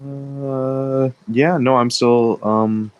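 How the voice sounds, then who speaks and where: A man's voice: mid-range voice, steady tone, drawn-out words, smooth, dry recording, highs cut off, faint music behind. A man playing in a tabletop game, talking in a laid-back, hesitant way. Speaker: player. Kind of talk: casual tabletop play.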